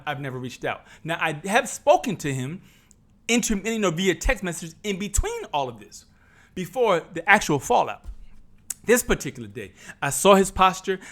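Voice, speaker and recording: A man's voice: fairly high pitch, fairly bright tone. A middle-aged man from New Jersey telling a personal story to his viewers like a sermon, calling them brothers and sisters, repeating himself and acting out what people said. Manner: repeats and restarts, acts out quoted voices. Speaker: vlogger.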